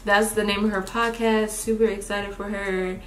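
A young woman chatting casually to viewers while doing her makeup, expressive and lively, calling them y'all. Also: medium pitch, normal speed, slight background noise. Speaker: beauty vlogger. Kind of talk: casual get-ready-with-me chat. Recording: roomy home recording.

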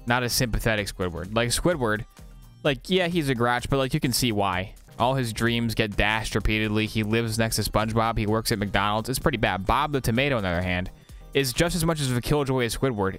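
A man's voice: mid-range voice, clean tone. Male streamer, mid-range voice, casual jokey rants, light music behind. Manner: animated, ranting, jokey. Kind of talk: casual gameplay commentary.

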